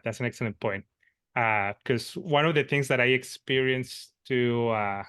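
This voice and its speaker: A man presenting at a workshop, an interpreter who tells a work story in an earnest, meandering way, pausing to find his words. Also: on the low side, fairly bright tone, no room sound, clean studio sound. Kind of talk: conversational workshop talk, telling a work story.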